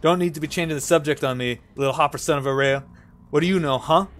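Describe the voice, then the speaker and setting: A man voicing a boastful, grumpy old male fisherman with a put-on Southern accent, gruff and taunting. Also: fairly high pitch, quick pace, a bit bright, faint music behind, close to an everyday voice. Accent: put-on American Southern.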